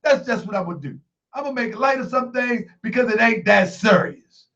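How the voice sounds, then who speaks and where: A man hosting a call-in livestream show, talking emphatically with much repetition, sometimes shouting and laughing. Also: high voice, brisk, muffled recording. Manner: joking, laughs often.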